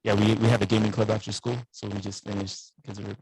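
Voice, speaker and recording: A man's voice: on the low side, flat delivery, quick pace, creaky, a little mellow, breathy edge, no echo, rough recording. A male teacher joining a podcast by video call from a school studio, laid-back and chatty. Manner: laid-back, says "man" often. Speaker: guest, teacher. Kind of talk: casual podcast chat over video call.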